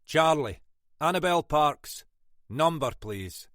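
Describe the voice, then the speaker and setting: A shrewd Scottish detective inspector, as a male narrator plays him, asking pointed questions in a lively, rising and falling voice. He speaks slowly and drily, close and clear. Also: on the high side, no echo, pitched above the performer's own voice. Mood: brisk. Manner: dry, probing, quietly commanding.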